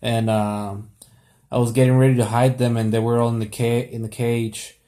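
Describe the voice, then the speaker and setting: A man's voice: mid-range voice, little pitch movement, normal speed, mellow. A young man talking casually to camera late at night, rambling with lots of fillers and restarts.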